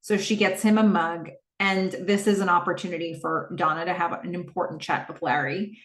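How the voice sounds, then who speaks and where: On the low side and fairly even in intonation, this woman's voice moves at a moderate pace. As a podcast host, she chats through a recap of a TV episode and performs the characters' dialogue, recorded in an echoey room on a distant mic.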